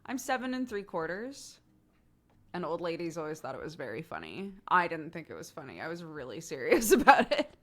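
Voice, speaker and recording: A woman streamer talks casually to her viewers. Her voice sits slightly low for a woman, but her pitch swings widely as she laughs and acts out what her relatives said. She is close to a streaming mic. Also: fast talker, hardly any pauses. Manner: animated storyteller, laughing often, acts out relatives' lines. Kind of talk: casual chat to a live stream audience.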